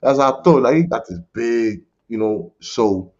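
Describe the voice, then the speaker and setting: A man's voice: mid-range voice, animated, normal speed, darkish tone. A man from the Bronx, a podcast guest telling his life story in streetwise slang and often asking "you heard?". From the Bronx, New York. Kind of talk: personal testimony in casual conversation. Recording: dull lo-fi recording.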